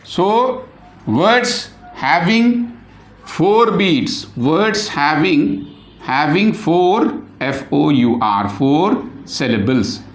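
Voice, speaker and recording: A man with a slightly high voice teaches a lesson at a very slow pace, repeating himself and spelling words out one letter at a time. The room has a noticeable echo. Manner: asks the class questions and answers them himself. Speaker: English teacher. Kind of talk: classroom lesson. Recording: echoey room.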